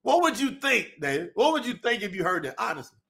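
A man's voice: sits high, sing-song, fast talker, gravelly, pushed and bright. A man teaching about scripture translation as host, speaking emphatically and firing off rhetorical questions. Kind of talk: religious teaching talk.

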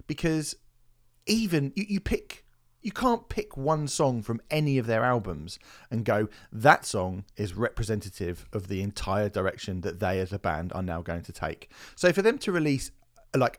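A man's voice: medium pitch, expressive, moderate pace. A man hosting a podcast, chatting casually and animatedly, swearing and mocking critics in quoted voices. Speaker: podcast host.

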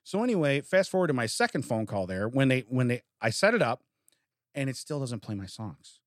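A man's voice: medium pitch, sing-song, brisk, no room sound, clean studio sound. A man co-hosting a casual podcast, telling a long complaint story and acting out his phone calls. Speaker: podcast co-host. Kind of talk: casual chat.

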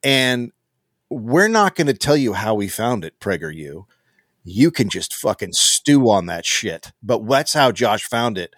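A man's voice: fairly low pitch, very animated, a little slow, a bit bright, dry recording, clean studio sound. A man co-hosting a podcast, talking with brash, profane energy in casual banter. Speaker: podcast co-host.

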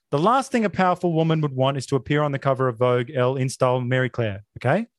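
A man hosting a film podcast, talking in a sarcastic, mock-outraged deadpan. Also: medium pitch, fast talker, few pauses, no room sound, clean studio sound. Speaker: podcast host. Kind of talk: casual film review chat.

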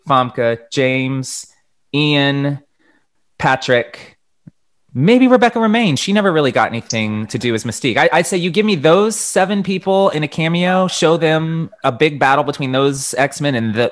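A man co-hosting a podcast in casual chat, expressive and playfully dramatic. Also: medium pitch, normal speed. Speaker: podcast co-host.

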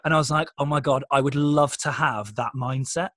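Fast-talking man, self-deprecating. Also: mid-range voice, steady tone, sharp tone, dry recording. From Britain. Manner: quick, self-deprecating storytelling with lots of fillers. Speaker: comedian and guest. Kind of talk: casual podcast chat.

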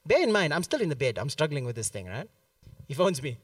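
A man's voice: on the high side, fast, no room sound, far from the mic. A man preaching a sermon at a church service, telling a story and acting out the quotes with plenty of laughter. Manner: animated, acts out quotes, laughs often.

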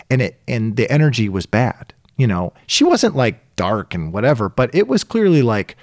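A middle-aged man tells a story in easy conversation. His pitch rises and falls widely as he acts out the voices of the people in the story. The recording is close and dry. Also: sing-song, moderate pace, a little mellow, no room sound. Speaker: podcast co-host telling a story. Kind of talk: casual chat.

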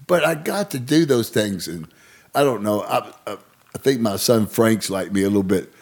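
Middle-aged man, lively raconteur, acts out the voices in his tales. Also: fairly low pitch, moderate pace. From Arkansas. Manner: animated, acts out voices in stories. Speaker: guest storyteller. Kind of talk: casual storytelling.

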